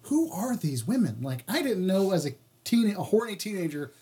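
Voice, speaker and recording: A man's voice: sits high, big pitch swings, normal speed, dark tone. A man co-hosting a podcast, telling crude stories in a loose, joking, profane way. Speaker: podcast co-host. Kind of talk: crude casual chat.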